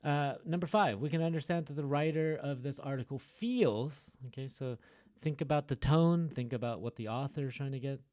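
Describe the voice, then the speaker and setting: A man's voice: medium pitch, moderate pace, a little mellow, dry recording, clean studio sound. A man teaching a reading lesson in a chatty way, often asking rhetorical questions as he goes through the answers. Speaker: English teacher.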